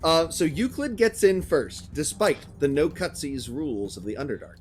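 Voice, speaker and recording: A man's voice: fairly high pitch, sing-song, moderate pace. A man running a tabletop game as dungeon master, narrating with many hesitant ums.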